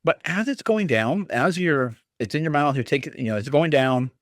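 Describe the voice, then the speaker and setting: A man's voice: fairly high pitch, lively intonation, normal speed, no room sound, clean studio sound. A man hosting a podcast, talking casually and rambling with chuckles and fillers while tasting whiskey. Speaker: podcast host.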